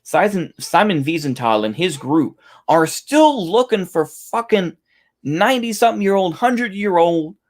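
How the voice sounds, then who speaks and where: A man's voice: high-pitched, big pitch swings, moderate pace. A man giving heated, profane reaction commentary, incredulous and swearing often.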